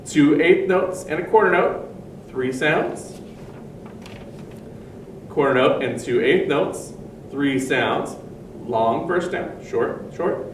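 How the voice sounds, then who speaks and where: A man teaching a music lesson to children, his voice a little high and patient as he explains step by step and chants rhythm syllables. He sounds set back from the mic in an echoey room with a faint hum of ambience behind him. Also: takes it slowly, pauses often, recorded from a distance.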